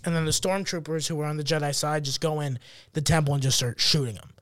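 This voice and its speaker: A man co-hosting a comedy podcast, telling stories in animated, profane banter. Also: fairly high pitch, fast talker, no echo. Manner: animated, profane, acts out scenes in goofy voices. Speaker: podcast co-host.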